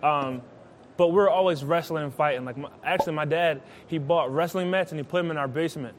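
Brief: male athlete, slightly high voice, quick and matter-of-fact. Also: noisy background. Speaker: football player. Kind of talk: casual interview answer.

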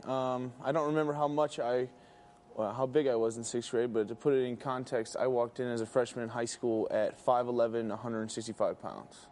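A man's voice: mid-range voice, fairly even intonation, a little fast, darkish tone, a little hiss or hum. A man playing a party game on stage, talking in a good-humored way and laughing often. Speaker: football player guest. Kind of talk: playful event chat.

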